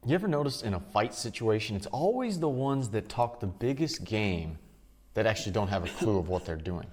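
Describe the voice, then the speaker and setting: A man's voice: fairly low pitch, animated, brisk, darkish tone. A man narrating a commentary video in a matter-of-fact, mocking way. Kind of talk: scripted commentary.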